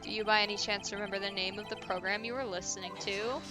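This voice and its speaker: A woman's voice: medium pitch, fairly even intonation, quick pace, over music, natural voice. A woman voicing an earnest young male defense lawyer, asking probing questions in a plain voice.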